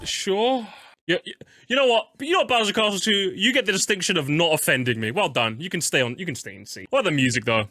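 A young man doing casual live-stream commentary while ranking game tracks, swearing a lot and jumping into high-pitched squeals when annoyed. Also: lively intonation, brisk, pushed and bright. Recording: game music playing faintly behind.

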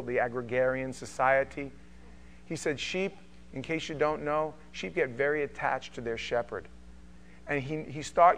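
Animated man preaching a sermon. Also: medium pitch, slight background noise. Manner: animated, acts out quotes with sudden loud bursts. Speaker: pastor.

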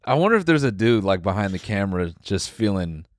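A man's voice: fairly low pitch, big pitch swings, dry recording, studio quality. A young man co-hosting a podcast in easygoing casual chat, often laughing. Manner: laid-back, quick to laugh. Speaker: podcast co-host.

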